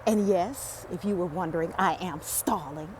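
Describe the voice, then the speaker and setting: A woman's voice: lowish voice, normal speed, background noise. A woman chatting to her viewers with humor as she walks a wooded lakeside trail, filming on a handheld phone. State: out of breath. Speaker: vlogger. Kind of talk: casual vlog chat while walking.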